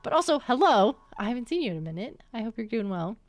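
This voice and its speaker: A young woman streaming, chatting casually with her viewers while she plays, bubbly and quick to laugh. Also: a little high, sing-song, no echo. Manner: bubbly, laughs often, talks back to chat. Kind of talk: casual livestream chat while gaming.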